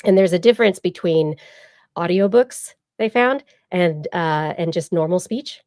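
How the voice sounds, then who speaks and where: A woman's voice: fairly low pitch, measured pace, a little mellow, dry recording, studio quality. A woman hosting a science podcast, explaining at length in casual chat with plenty of fillers. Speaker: podcast host.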